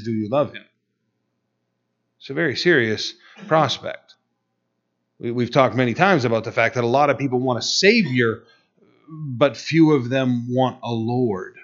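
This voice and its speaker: A man's voice: medium pitch, muffled recording. A man preaching a sermon in a conversational way, often saying "you know" and restarting his sentences. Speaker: pastor.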